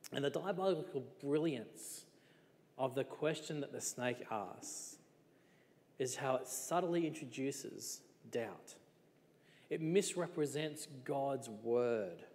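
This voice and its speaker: A man preaching a sermon in a relaxed, conversational way, with many rhetorical questions. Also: mid-range voice, unhurried, in a large hall.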